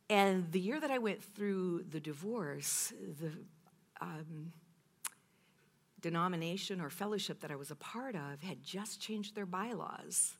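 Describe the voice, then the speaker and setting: A woman in her fifties speaking at a women's meeting, telling a personal testimony in an animated way that acts out her past outbursts and laughs often. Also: lowish voice.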